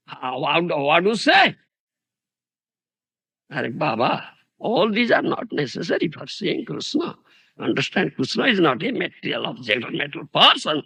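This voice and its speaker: A man giving a religious lecture, emphatic and rhetorical, often pausing to ask "huh?". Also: on the high side, big pitch swings, gravelly, bright, forceful tone, breathy edge, no echo, low-quality recording. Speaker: spiritual teacher.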